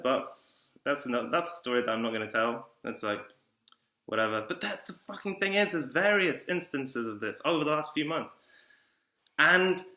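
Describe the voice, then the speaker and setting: A man in his twenties rambles through an agitated, profane monologue, circling back to the same phrases. His voice sits fairly high and sounds bright and strained. The room around him is echoey. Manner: profane, agitated, repetitive ranting. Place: room in a psychiatric ward.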